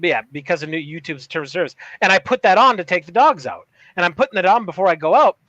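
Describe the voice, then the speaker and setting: A man's voice: sits high, sing-song, fast talker, fairly bright tone, dry recording, muffled recording. A man in his forties, co-hosting a podcast, chatting casually and profanely, laughing often and slipping into accent impressions. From Upper Peninsula of Michigan. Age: 40s. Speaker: podcast co-host. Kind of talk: casual comedic banter.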